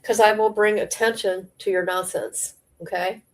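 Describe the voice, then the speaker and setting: Speaking at a moderate pace with a steady tone and medium pitch, a woman live streamer launches into a ranting monologue. She rambles confrontationally at her viewers, using lots of fillers and challenging them again and again.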